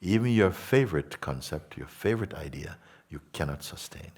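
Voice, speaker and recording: A man giving a spiritual satsang talk to an audience, gentle and unhurried, repeating simple phrases and asking his listeners questions. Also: rumbling low, expressive. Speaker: spiritual teacher.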